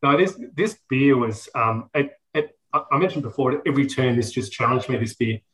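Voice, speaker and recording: A man's voice: mid-range voice, fairly quick, a bit bright, poor audio. A man with an Australian accent, a guest home brewer on a podcast, talking in a rambling, self-deprecating way with many fillers. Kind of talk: casual podcast chat.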